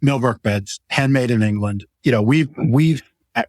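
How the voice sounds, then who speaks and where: In a dry recording, a mattress store owner hosts a relaxed podcast from his showroom, chatting about his products. His mid-range, slightly mellow voice moves at a moderate pace, and his sales talk is rambling and enthusiastic.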